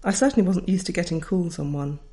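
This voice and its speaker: A woman's voice: on the low side, quick pace, dark tone. A middle-aged woman, a writer reading her own memoir aloud in a wry, reflective way. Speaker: author.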